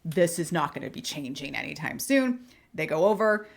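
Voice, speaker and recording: Lower-voiced woman recapping a show. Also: moderate pace, vocal fry. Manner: animated, laughs often, acts out quotes. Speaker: podcast co-host. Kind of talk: casual chat recapping a TV episode.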